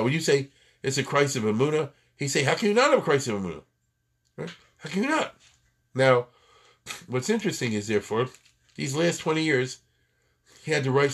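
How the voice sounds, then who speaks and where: Animated man giving a lecture. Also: medium pitch. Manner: animated, conversational, rhetorical questions, many fillers. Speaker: lecturer on Jewish history and thought. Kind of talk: informal lecture.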